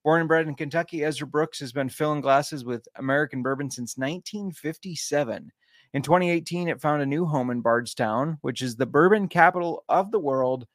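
A man's voice: a little high, a little fast, dry recording, studio quality. A man co-hosting a casual podcast, joking and easygoing, sometimes reading notes aloud. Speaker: podcast co-host.

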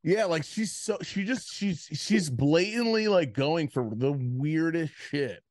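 A man's voice: fairly high pitch, takes it slowly, no echo. A man co-hosting a podcast in casual banter, swearing freely and acting out the people he talks about. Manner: swearing, animated, mimics people mid-story. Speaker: podcast co-host.

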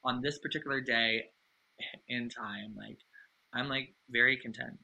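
A man's voice: mid-range voice, fairly even intonation, measured pace, vocal fry, bright, forceful tone, poor audio. A man in his thirties, a guest in an interview, talking in a chatty, effusive way with many fillers and restarts. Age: 30s. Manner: earnest and effusive. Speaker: guest, drag artist. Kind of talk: casual interview chat.

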